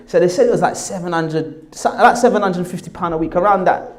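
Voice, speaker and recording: A fairly quick, high-pitched male voice belongs to a forties-aged actor from England with a South London accent. He tells a storytelling anecdote about his past, animatedly acting out the people he mentions.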